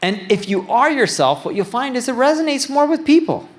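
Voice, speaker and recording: A man's voice: very high-pitched, very animated, a little fast. A man giving a conference keynote in a casual, self-deprecating way, plain-spoken and a bit nerdy, with a joking tone. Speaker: keynote speaker. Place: conference stage before an audience.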